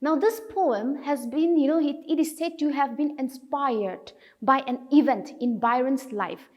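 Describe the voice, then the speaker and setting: A woman's voice: sits high, measured pace, long reverb tail. A woman teacher giving a recorded lesson, explaining patiently and often checking in with the class.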